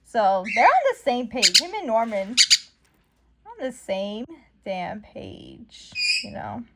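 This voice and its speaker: Excitable woman recapping a comic, high voice. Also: takes it slowly, a crowd in the background. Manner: excitable, exclaims often, acts out characters' lines. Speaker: comic book recap host. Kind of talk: casual comic recap commentary.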